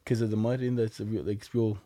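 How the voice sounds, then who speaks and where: Ein junger Mann im lockeren Gespräch, der entspannt Geschichten erzählt, oft flucht und lacht. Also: male voice, fairly low pitch, level tone, fast, dark tone, no echo. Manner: laid-back storytelling, swears, laughs often. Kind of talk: casual chat.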